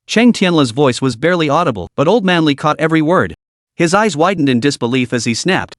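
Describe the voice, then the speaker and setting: A man reading a comic recap story as scripted narration, in a lively storytelling delivery. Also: a little high, fairly quick, no room sound, clean studio sound.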